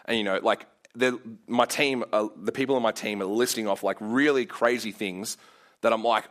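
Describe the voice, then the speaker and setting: A young man preaching a sermon, telling a story casually with lots of filler words and growing animated as he acts out his own prayers. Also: on the low side, moderate pace.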